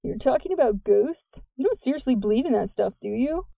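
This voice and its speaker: A woman's voice: high-pitched, expressive, fairly quick, vocal fry, mellow, no echo, full character voice. A woman voicing a wry, skeptical teenage boy. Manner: wry, doubtful.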